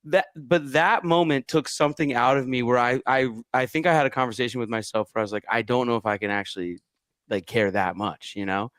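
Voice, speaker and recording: A man co-hosting a sports podcast, a father telling stories in an animated, chatty way with frequent laughter. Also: medium pitch, brisk, clear, resonant tone, no room sound, clean studio sound. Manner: chatty, animated storyteller who laughs often. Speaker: podcast co-host. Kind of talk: casual sports chat.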